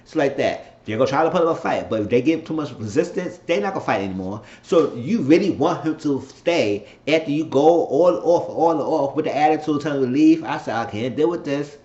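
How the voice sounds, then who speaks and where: A man's voice: a little high, animated, brisk, few pauses, darkish tone. A man chatting casually in slang as he recaps a TV episode from his channel. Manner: chatty, slangy retelling of scenes. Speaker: video host. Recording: echoey room, dull lo-fi sound.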